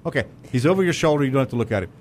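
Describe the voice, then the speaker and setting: A man's voice: mid-range voice, animated, very fast, a little mellow, slight background noise. A man hosting a local talk radio show, joking and chatty. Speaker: radio host. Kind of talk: casual talk radio chat.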